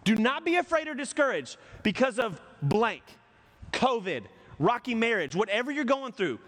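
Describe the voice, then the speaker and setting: A man's voice: very high-pitched, big pitch swings, normal speed, a bit bright, big-room sound. A man from the United States preaching a conversational, joking sermon as pastor.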